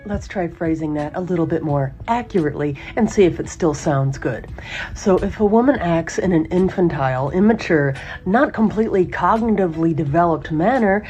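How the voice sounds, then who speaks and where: A woman reacting to clips with dry, precise sarcasm, her voice low and mellow. The sound is dull and lo-fi, with faint music behind her. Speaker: reaction host. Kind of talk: sarcastic commentary.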